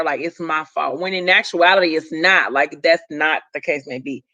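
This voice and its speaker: A vlogger speaking straight to viewers, retelling a story in a loose, chatty way. The talk wanders, with fillers and side comments along the way. The voice sits at an ordinary middle pitch. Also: fairly even intonation, normal speed, fairly bright tone, dull audio. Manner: rambling, loose retelling with many fillers and asides. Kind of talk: casual story recap to viewers.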